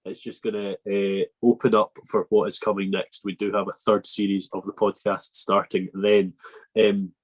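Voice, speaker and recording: A man's voice: lowish voice, little pitch movement, moderate pace, rough recording. Joking man hosting a podcast. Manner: joking, laughing, self-mocking. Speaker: podcast host. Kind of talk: casual interview chat.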